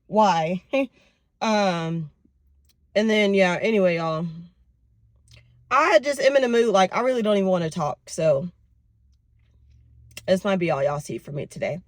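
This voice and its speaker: A young woman vlogging casually to camera, telling her week in an expressive, venting way. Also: mid-range voice, a little slow, pauses often, dry recording, studio quality. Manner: expressive, venting, lively storytelling. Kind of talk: casual vlog talk to camera.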